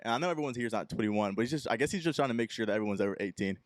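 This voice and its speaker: A man's voice: mid-range voice, fast, no echo, clean studio sound. A young man from Texas hosting a podcast, telling a rambling story and acting out the people in it. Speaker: podcast host. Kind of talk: casual solo podcast storytelling.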